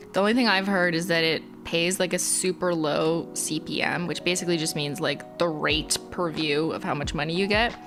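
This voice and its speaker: A Canadian woman in her thirties hosts a livestream, reading and answering chat in a fairly low voice. Her slight Canadian accent shows as she talks in a laid-back, chatty way, dropping lots of "like" and soft laughs. Faint music plays in the background.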